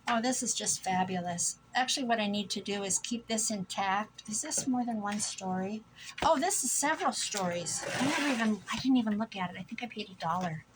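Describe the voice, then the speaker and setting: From a home room, a middle-aged thrift vlogger from Iowa, USA, casually rambles and gushes on camera about her thrift finds. Her voice is medium in pitch and a bit fast. Background noise is audible.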